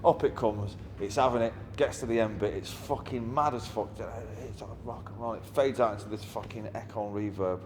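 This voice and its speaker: A man's voice: on the low side, steady tone, a little fast, few pauses, a little mellow. A middle-aged man, a musician telling anecdotes in an interview in a blunt, wry, heavily swearing manner. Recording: long reverb with faint ambient noise.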